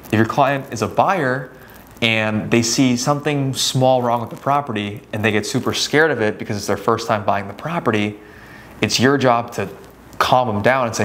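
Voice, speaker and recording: A man's voice: medium pitch, moderate pace, fairly bright tone. Casual, chatty man giving real estate advice. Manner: conversational, with many "right?" tag questions and acted-out client dialogue. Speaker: real estate agent and educator. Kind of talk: casual talking-head advice.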